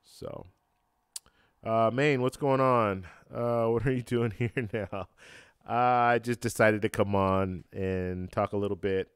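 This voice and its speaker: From a home room where a computer fan hums, a man speaks close to his mic while hosting a travel live stream, casually fielding comments. He's laid-back and halting, with lots of fillers and restarts and easy laughter. His lowish voice is clear and resonant, with no echo.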